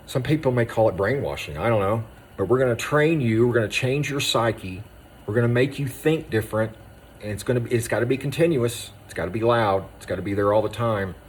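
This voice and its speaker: A man, an Army veteran, gives a raw spoken monologue, hammering short phrases with intensity and often dropping to a hushed voice. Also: mid-range voice, slight background noise. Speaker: Army veteran speaking on moral injury.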